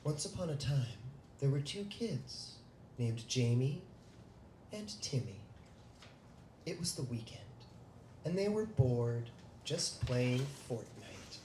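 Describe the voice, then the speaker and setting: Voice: mid-range voice, expressive, takes it slowly, long pauses, dark tone. A host narrating a children's story at a live theatre event, playful and hamming up the spooky parts. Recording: echoey room, distant mic, noisy.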